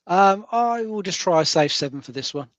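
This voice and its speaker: A man's voice: high voice, lively intonation, normal speed, no room sound. A man co-hosting a casual gaming chat, describing a game in an easygoing way with lots of fillers. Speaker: co-host.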